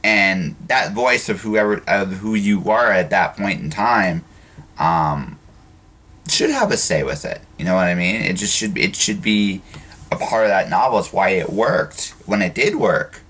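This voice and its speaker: A man's voice: low voice, unhurried, a bit bright, husky. A man hosting a podcast interview in casual conversation, often restarting and repeating words as he thinks aloud. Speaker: podcast host.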